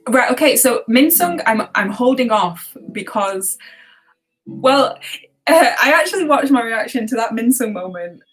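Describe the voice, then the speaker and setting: A British woman hosting a casual chat with her viewers, chatty and quick to laugh at herself. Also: on the high side, expressive, soft background music, low-quality recording. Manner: chatty, laughs often, self-deprecating. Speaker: reaction channel host.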